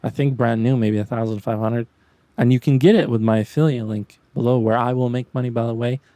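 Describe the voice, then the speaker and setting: A man's voice: medium pitch, fairly even intonation, a little fast, warm tone, no echo. A man giving rambling, self-mocking commentary over his street photography vlog, teasing his viewers in a playful way. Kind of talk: casual joking commentary.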